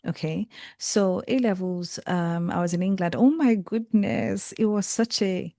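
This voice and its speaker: A woman's voice: on the low side, moderate pace, no echo, clean studio sound. A young Nigerian woman talking in a casual interview, reflective and earnest, often restarting her sentences. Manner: earnest, reflective, animated with frequent self-corrections. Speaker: guest, creative and tarot reader.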